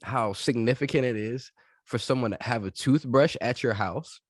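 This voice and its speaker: A man in his thirties co-hosting a podcast in casual chat, animated, swearing freely and laughing often. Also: medium pitch, normal speed, husky, dry recording, studio quality. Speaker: podcast co-host.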